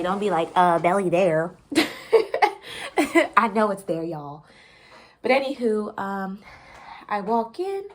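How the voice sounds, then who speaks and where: Animated chatty woman. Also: medium pitch. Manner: animated, chatty, laughs often, addresses viewers as y'all. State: pregnant, briefly out of breath. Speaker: vlogger. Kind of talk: casual storytelling vlog.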